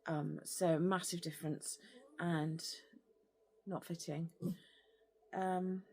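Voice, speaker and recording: A woman chats casually as host of a crafting podcast. Her voice sits a little low, and she rambles along with plenty of ums and restarts. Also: fairly even intonation, takes it slowly, a little mellow, slightly rough. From lives in France. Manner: chatty, rambling with many fillers. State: out of breath. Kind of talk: casual chat.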